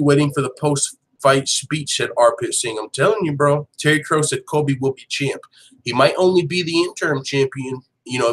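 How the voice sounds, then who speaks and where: A man hosting a daily MMA show, talking in casual live commentary with slangy, profane, animated banter. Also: mid-range voice, low-quality recording.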